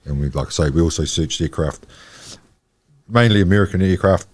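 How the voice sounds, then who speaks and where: A man's voice: sits low, a little fast. An older man, a guest in a casual chat, telling rambling anecdotes about his old job.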